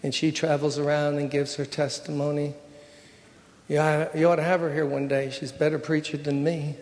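A man's voice: on the high side, flat delivery, moderate pace. Older man preaching in a reverberant hall. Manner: emotional, conversational storytelling with hushed moments. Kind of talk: sermon with personal testimony. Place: church sanctuary.

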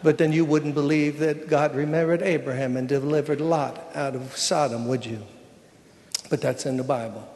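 A man's voice: fairly high pitch, steady tone, normal speed. Older man preaching in a reverberant hall. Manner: emotional, conversational storytelling with hushed moments. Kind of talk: sermon with personal testimony. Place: church sanctuary.

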